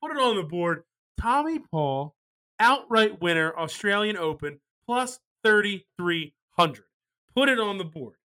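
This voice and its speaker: A man hosting a sports betting podcast with a high, bright voice. He talks in quick, wry banter and slides into playful rants. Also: very animated. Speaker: podcast host.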